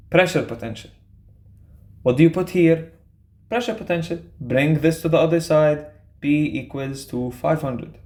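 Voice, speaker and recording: A man's voice: a little high, darkish tone. Chatty young male biology tutor. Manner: casual, chatty, keeps checking in with "okay?". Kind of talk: explaining a quiz to students.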